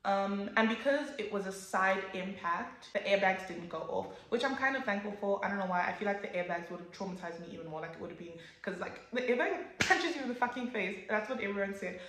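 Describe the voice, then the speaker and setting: A young woman vlogger telling a story in a chatty, animated way, swearing freely and acting out what she said at the time. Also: medium pitch, fairly quick, few pauses, echoey room, poor audio. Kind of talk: casual storytime.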